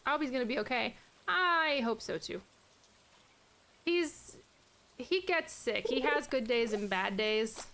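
A woman streaming live gameplay, chatting to her viewers, swearing freely and talking softly to her dog. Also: on the high side, expressive, takes it slowly, pauses often, slight background noise. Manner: swears often, chatty and exasperated; talks softly to her dog between game moments.

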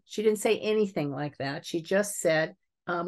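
An older woman, a family psychologist, giving a webinar lecture and telling lively case stories. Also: medium pitch, normal speed. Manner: lively storytelling, chuckles at examples.

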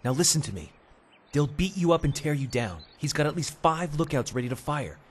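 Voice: mid-range voice, lively intonation, fairly quick, slightly rough. An actor voicing a tough, blunt teenage street kid who swears, in a dubbed drama. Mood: warning.

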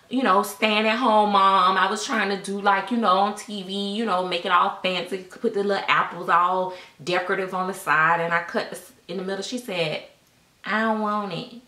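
A woman's voice: medium pitch, pushed and bright. Chatty sassy woman in an echoey room. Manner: chatty, sassy, acts out voices in quotes. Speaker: vlogger telling a story. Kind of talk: casual storytime chat.

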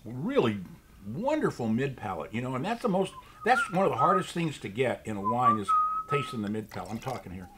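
A man's voice: mid-range voice, wildly swooping pitch, brisk. A man co-hosting a wine tasting, talking in an enthusiastic, jokey, casual way. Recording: noisy background.

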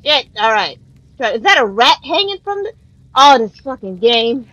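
A young woman streaming a horror game, cursing, yelling at the screen and laughing nervously as she plays. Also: fairly high pitch, sing-song, normal speed, dry recording, low-quality recording. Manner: laughs nervously between jumps. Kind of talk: live gameplay commentary.

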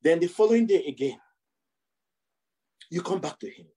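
A man preaching a sermon, piling up rhetorical questions and repeated phrases with slow, drawn-out emphasis. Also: on the high side, animated, mellow, slightly rough, low-quality recording.

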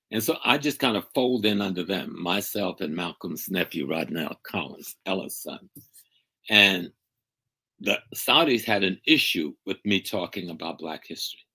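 Older man with a low, husky voice. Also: poor audio. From United States. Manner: emphatic, dramatic storytelling with loud bursts. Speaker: guest. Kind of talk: storytelling in a conversation. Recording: video call interview.

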